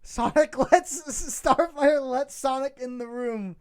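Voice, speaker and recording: A woman's voice: high voice, slow pace, clear, resonant tone. A woman reading fan fiction aloud and bantering crudely with a friend, often laughing. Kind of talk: casual comedic reading and banter.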